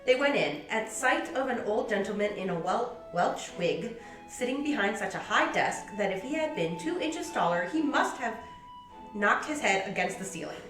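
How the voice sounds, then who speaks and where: A woman reading a classic novel aloud with lively delivery and playful side comments. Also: mid-range voice, moderate pace. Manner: lively, laughs often, acts out quoted lines. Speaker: library podcast reader. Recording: roomy sound from a distant mic with music.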